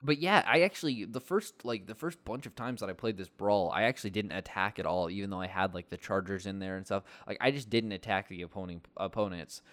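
A man with a somewhat low voice talks through card games in a loose, rambling way, full of ums and restarts and quick laughs. The sound is dry and close, with no room around it. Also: fairly bright tone, no echo. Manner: rambling, many fillers and restarts, laughs often. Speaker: podcast co-host. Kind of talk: casual gaming chat.

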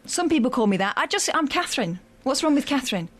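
A woman's voice: sits high, big pitch swings, fast talker. Wry, playful woman radio co-host. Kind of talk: casual banter on radio. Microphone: studio microphone.

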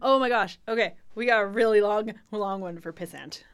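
A woman's voice: medium pitch, fairly quick, smooth. A young woman co-hosting a casual podcast, laughing often and reading definitions aloud with a wry tone. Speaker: podcast co-host.

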